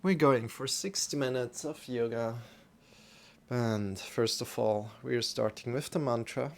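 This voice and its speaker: A man leads a live-streamed yoga session in a calm, gently guiding way. His voice has a gravelly edge at a mid pitch. He greets viewers in the chat as he teaches. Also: measured pace, a little hiss or hum.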